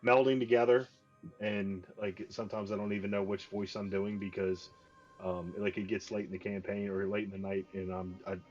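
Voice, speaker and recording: Low-voiced man chatting casually. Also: little pitch movement, moderate pace, darkish tone, highs cut off, faint music behind. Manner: rambling, many fillers and restarts. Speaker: tabletop game player. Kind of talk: casual chat.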